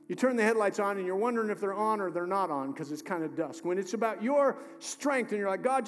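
A man, the pastor, preaching a sermon emphatically, moving between loud urging and hushed, slow delivery. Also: sits high. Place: church sanctuary. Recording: music under voice in a reverberant hall.

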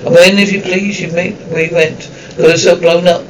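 A shrill, spiteful middle-aged woman rants with years of resentment, played by a man reading a storybook. Her voice rides high and shrieking. It sounds a little back from the microphone. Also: flat delivery, moderate pace, distant mic, lo-fi sound, noisy background, lightly acted. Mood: bitter.

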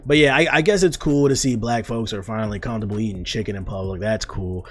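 A man's voice: lowish voice, quick pace. A young man hosting his own podcast, ranting casually with lots of swearing, restarts and exasperated asides. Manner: profane, rambling, exasperated. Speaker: podcast host. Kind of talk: casual solo podcast rant.

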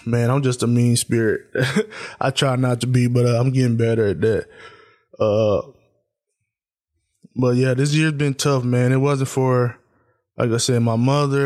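Young male podcast host, solo, loose and candid, subdued and reflective, medium pitch. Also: steady tone, measured pace, long pauses. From Tennessee. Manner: loose and candid, many fillers like uh and man. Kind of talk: solo casual podcast talk.

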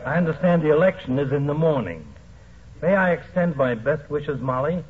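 An actor playing a sardonic middle-aged town doctor who trades insults, in a 1940s radio comedy. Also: male voice, on the high side, lively intonation, moderate pace, close to an everyday voice. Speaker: health commissioner. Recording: tinny old radio broadcast, faint hiss.

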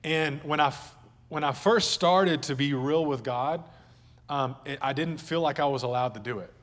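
A man's voice: on the high side, moderate pace, fairly bright tone, long reverb tail. A male pastor preaching a sermon at a church service in a conversational, joking way, with asides to the congregation.

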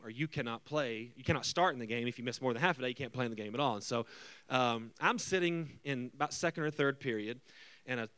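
Animated pastor telling a story from the pulpit. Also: male voice, medium pitch, no echo. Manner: animated, conversational, acts out quotes. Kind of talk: storytelling sermon.

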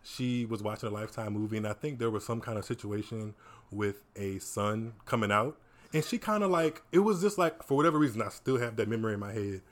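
A young man, telling personal stories as a podcast guest in a casual, animated way. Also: on the low side, a little fast. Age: 20s. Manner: animated, laughing storyteller. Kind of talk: casual chat, storytelling.

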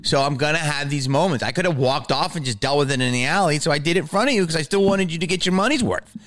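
A man's voice: on the high side, lively intonation, fast talker, fairly bright tone, no echo. A man hosting a podcast, talking over a clip in a profane, self-justifying rant. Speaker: podcast host.

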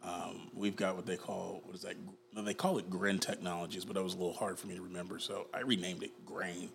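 A man co-hosting a podcast, talking casually and getting animated, with playful put-on voices. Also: sits low, fairly quick, gravelly, slight background noise. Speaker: podcast co-host. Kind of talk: casual chat.

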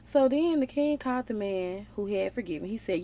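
A young woman talks through a Bible passage in a relaxed, slangy way, full of playful asides. Her voice is warm and mellow, with a faint hiss of noise behind it. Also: mid-range voice, normal speed, hardly any pauses. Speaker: relationship vlogger. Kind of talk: casual Bible study talk.

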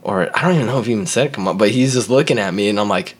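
A man's voice: lowish voice, very fast, breathy edge. A young man hosting a podcast, telling a long casual story full of fillers and acting out the voices of the people in it. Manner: rambling, full of fillers, acts out the voices in his stories. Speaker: podcast host.

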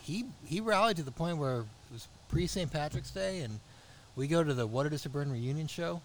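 A man's voice: fairly high pitch, lively intonation, fairly quick, a little hiss or hum. A man co-hosting a casual podcast chat, telling a story in a rambling way with many restarts and laughs. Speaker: podcast co-host.

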